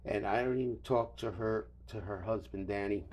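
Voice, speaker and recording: A man's voice: on the low side, normal speed, darkish tone, a little hiss or hum. An older man hosting a solo podcast, rambling wearily with profanity and stammered restarts, tired and yawning. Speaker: podcast host.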